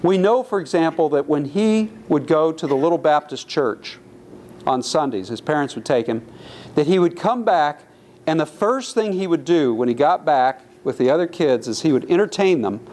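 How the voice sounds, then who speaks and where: A man's voice: a little high, lively intonation, moderate pace, darkish tone. Chatty storytelling male lecturer. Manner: conversational, anecdotal, self-correcting. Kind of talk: public lecture. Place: lecture hall.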